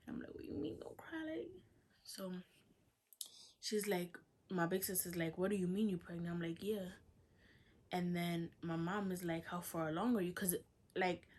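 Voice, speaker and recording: A young woman vlogger telling a personal story in a casual, chatty way, filling her talk with "like" and acting out what others said. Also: lowish voice. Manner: chatty, lots of "like", quotes others in dialogue.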